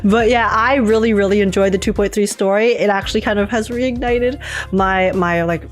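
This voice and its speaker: A woman's voice: medium pitch, fairly even intonation, normal speed, soft background music. A woman streaming live, chatting casually with her viewers, laughing often and restarting her phrases as she goes.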